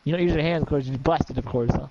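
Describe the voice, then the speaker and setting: A man narrating as game master, telling the action in an excitable, profane way with shouted sound effects. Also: on the high side, quick pace, muffled recording, noisy background.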